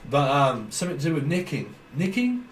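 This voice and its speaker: A man's voice: fairly high pitch, sing-song, fairly quick. Rambling British man reading tarot. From Britain. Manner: rambling, stream-of-consciousness, laughs often. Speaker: tarot reader. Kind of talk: casual tarot reading monologue. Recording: roomy echo, slightly distant mic, faint noise.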